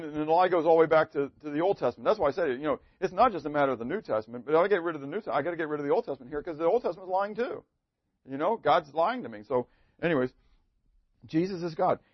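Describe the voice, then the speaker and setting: A man preaching a sermon, asking his listeners questions and answering them himself, swinging from emphatic to very soft and low. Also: animated, rapid-fire, no echo, muffled recording.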